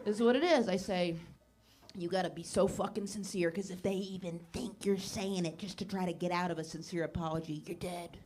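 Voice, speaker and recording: A woman's voice: fairly low pitch, steady tone, a little fast, darkish tone. A woman from Maine doing stand-up, riffing loosely with the audience and swearing freely. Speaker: stand-up comedian. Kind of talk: stand-up crowd work. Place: comedy club stage before a live audience. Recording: live club recording with crowd laughter and noise.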